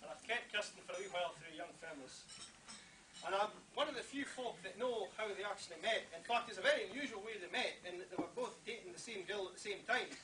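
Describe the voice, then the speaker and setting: A man's voice: sits high, fast talker. A Scottish man telling jokes in a speech at a function and chuckling at his own punchlines. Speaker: speaker at a function. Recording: echoey hall picked up from far off, noisy.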